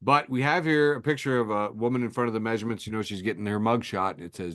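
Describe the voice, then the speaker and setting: A man's voice: fairly low pitch, quick pace, few pauses, a bit bright. A man hosting a podcast, reading memes aloud with wry, chuckling asides in a loose, conversational way. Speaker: podcast host.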